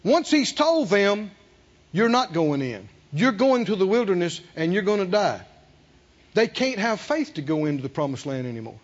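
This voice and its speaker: A man preaching a sermon with energy. He throws questions to the congregation and acts out the quoted voices with big swings in loudness. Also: sits high, normal speed, highs cut off. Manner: animated preaching with call-and-response questions to the congregation. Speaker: pastor.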